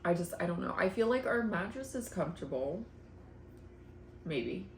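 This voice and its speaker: A young woman talks casually to her camera at home, rambling and breaking into frequent laughs. Her voice sits on the low side. The room is echoey, with a faint hiss underneath. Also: lively intonation, moderate pace. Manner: chatty, rambling, laughs often, soft sighs. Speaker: vlogger, stay-at-home mom. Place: home, indoors.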